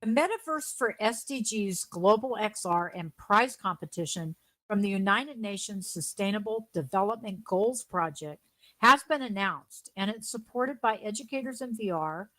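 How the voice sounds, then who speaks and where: A woman's voice: medium pitch, a bit bright, dry recording, rough recording. Earnest woman co-host reading news. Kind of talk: scripted news read.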